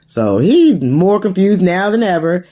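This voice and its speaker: A woman casually recapping a TV episode, animated and profane, full of slang, often jumping into other voices to act out the characters. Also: lowish voice, measured pace. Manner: acts out characters' lines in shifting voices. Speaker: TV episode reviewer.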